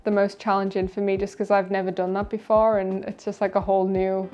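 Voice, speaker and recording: A woman's voice: mid-range voice, completely flat delivery, a little fast, a little mellow, dull audio. A young woman, an actress guest in a casual interview, chatty, laughing easily and using many fillers.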